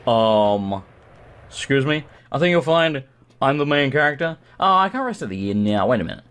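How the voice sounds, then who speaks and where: A man's voice: on the high side, expressive, fairly quick, fairly bright tone. A man hosting a let's play, talking through a game in a hyper, joking, chatty way. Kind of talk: gameplay commentary.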